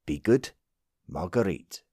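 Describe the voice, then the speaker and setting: A man's voice: sits low, expressive, slow pace, mellow, breathy edge, no room sound, studio quality, exaggerated voice. A man reading out a fan letter in a put-on voice as a grateful Australian woman listener. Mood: fond.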